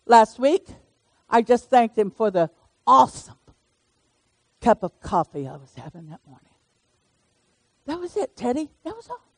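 A woman's voice: fairly high pitch, very animated, a little slow, pauses often, a little mellow, no echo. An older woman preaching a sermon in a folksy, conversational way, calling on listeners by name.

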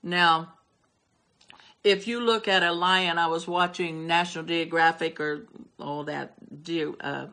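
A woman's voice: lowish voice, fairly even intonation, a little slow, pushed and bright. Emphatic older woman preaching. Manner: emphatic, repeats words for stress. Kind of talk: sermon.

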